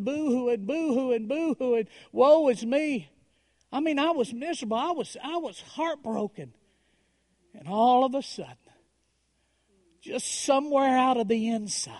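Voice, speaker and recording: Preacher guy telling a story, high gravelly voice, goes from hushed to shouting. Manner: dramatic, swings from hushed to shouting. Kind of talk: storytelling sermon.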